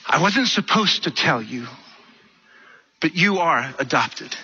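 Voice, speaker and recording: A woman's voice: low-pitched, expressive, slow, pushed and bright, slightly rough, exaggerated voice. A man voicing an anxious adult sister who stammers and apologizes, on a dull lo-fi recording. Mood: apologetic.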